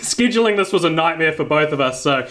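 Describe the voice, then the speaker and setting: A man with a New Zealand accent hosting a podcast, laid-back and quick to laugh in casual chat. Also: a little high, lively intonation, noisy background. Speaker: podcast host.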